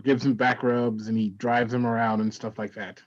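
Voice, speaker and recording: A hesitant young woman, played by an actor in an improvised stage comedy. She talks sheepishly at a middle pitch. The sound is dull and muffled. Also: flat delivery, moderate pace, natural voice. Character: young woman fleeing an engagement.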